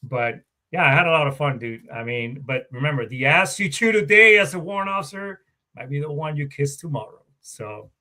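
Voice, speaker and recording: A man's voice: on the high side, animated, fairly quick, sharp tone. A middle-aged man, a veteran guest, telling stories in a casual, rambling way, swearing often and correcting himself mid-sentence. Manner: profane, rambling, self-correcting. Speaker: guest, Marine Corps veteran warrant officer. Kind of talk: casual storytelling interview.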